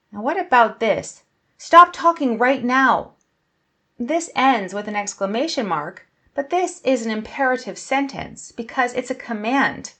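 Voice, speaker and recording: A woman English teacher giving a scripted grammar lesson, speaking clearly and deliberately and acting out example sentences with feeling. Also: mid-range voice.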